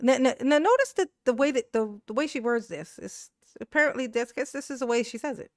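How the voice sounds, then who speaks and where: A woman's voice: sits high, expressive, a little fast, no echo, studio quality. A woman host giving casual, blunt reaction commentary, sassy and profane and laughing often.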